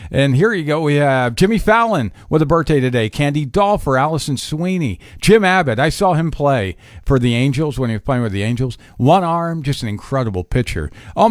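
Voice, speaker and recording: A man's voice: fairly high pitch, dry recording, clean studio sound. Chatty upbeat male radio DJ. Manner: chatty, upbeat, easily amused. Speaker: radio host. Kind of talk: oldies radio DJ chat. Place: radio studio.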